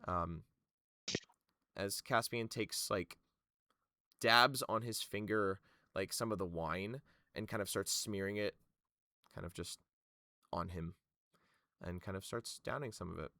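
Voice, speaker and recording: A man narrates a tabletop game as game master, using lots of fillers and a loose delivery. His voice is fairly low. The recording is dry and close. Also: measured pace, long pauses, pushed and bright, dry recording.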